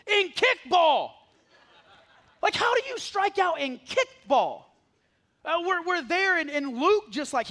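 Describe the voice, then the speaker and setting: Onstage in a church before a live congregation, a young adult pastor preaches a sermon, cracking jokes and addressing the people directly. His voice is extremely high-pitched, bright, and forceful.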